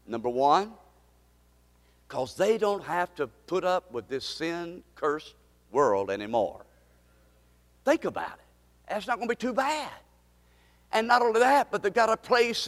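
A man's voice: high voice, a bit bright, big-room sound. A man preaching a sermon as pastor, impassioned and repeating key phrases for emphasis.

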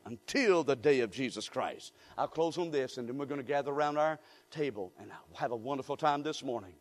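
A male pastor preaching a sermon in a church, with call-and-response and rising shouts. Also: medium pitch, lively intonation, a little fast, big-room sound. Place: church sanctuary.

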